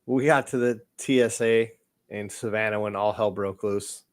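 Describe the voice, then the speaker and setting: A man's voice: fairly low pitch, fairly even intonation, moderate pace. A man co-hosting a casual live podcast, telling profane stories and acting out the people in them. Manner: profane storyteller, acts out voices in his anecdotes. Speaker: podcast co-host. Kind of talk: casual chat. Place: informal live podcast setup.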